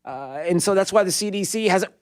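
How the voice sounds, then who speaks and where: Male talk radio host, sarcastic, rather high voice, dry studio sound. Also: expressive, fairly quick, clean tone, dry recording. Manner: sarcastic, mock-exasperated, jumps up in pitch for emphasis. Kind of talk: talk radio chat with callers.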